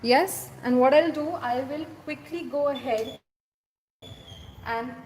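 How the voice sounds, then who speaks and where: A woman's voice: sits high, takes it slowly, pauses often, a little mellow, a little hiss or hum. A woman with an Indian English accent teaching a casual step-by-step drawing lesson, often checking in with the viewer. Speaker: doodle art teacher.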